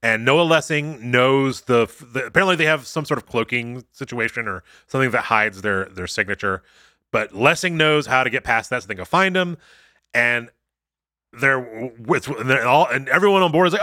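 A man's voice: medium pitch, no room sound, clean studio sound. A man casually recapping a TV episode on a podcast, acting out characters' lines as he goes. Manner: animated, acts out characters' lines in quick retelling. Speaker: podcast co-host.

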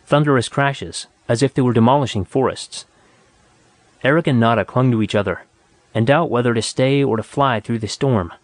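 A man reading a story aloud in a steady, measured narration. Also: mid-range voice, no echo. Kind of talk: audiobook narration.

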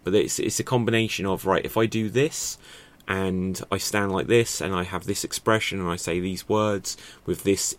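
Man teaching stagecraft, low voice. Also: fairly even intonation, normal speed, hardly any pauses. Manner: thoughtful, rhetorical questions, many fillers. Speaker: acting and improv teacher. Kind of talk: casual spoken lesson to camera.

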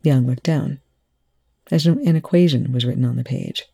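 An audiobook reader narrating a story in a measured, even way. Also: mid-range voice, gravelly, husky. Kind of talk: fan fiction audiobook narration.

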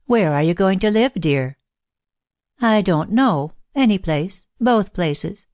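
A woman's voice: mid-range voice, lively intonation, takes it slowly, darkish tone, dry recording. A woman reading the part of an elderly lady who is childlike, playful and airy, in a lilting voice.

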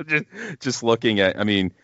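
A man's voice: medium pitch, expressive, measured pace, pushed and bright, clear, resonant tone, no echo, lo-fi sound. A man co-hosting a casual film commentary, joking and chuckling as he rambles. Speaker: podcast co-host.

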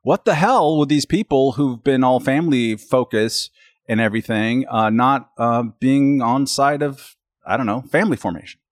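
A man moderating a podcast roundtable with a wry, joking edge, tossing questions to the others. His voice sits at a middle pitch and is close-miked and dry. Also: moderate pace, no room sound. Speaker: podcast moderator, magazine editor. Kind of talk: casual roundtable discussion.

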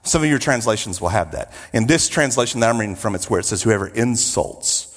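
A man preaching a sermon, emphatic, with drawn-out repetitions and joking asides. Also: lowish voice, animated, long reverb tail.

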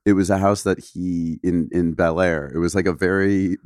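A man's voice: low voice, moderate pace, no room sound, studio quality. A man hosting a podcast, telling anecdotes casually and animatedly. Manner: animated storytelling with mimicked voices. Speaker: podcast host. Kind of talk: casual chat.

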